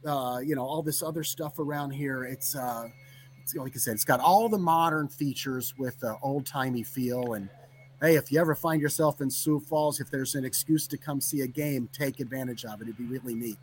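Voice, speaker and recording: A man, a sports reporter calling in remotely, chatting in a relaxed, rambling way with many fillers. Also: mid-range voice, normal speed, a little hiss or hum. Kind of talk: casual conversational chat.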